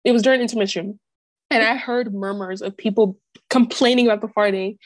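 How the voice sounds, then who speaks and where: A woman's voice: medium pitch, steady tone, fairly quick, dry recording. A young woman co-hosting a podcast, telling a story in casual chat with lots of "like". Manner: chatty storyteller, heavy use of "like", acts out quotes. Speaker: podcast co-host.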